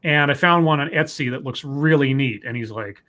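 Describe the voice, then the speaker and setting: A man's voice: medium pitch, normal speed, bright, forceful tone. A man hosting a casual podcast, joking wryly and reading out social media posts. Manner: wry, joking, reads out tweets. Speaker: podcast host. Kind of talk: casual chat.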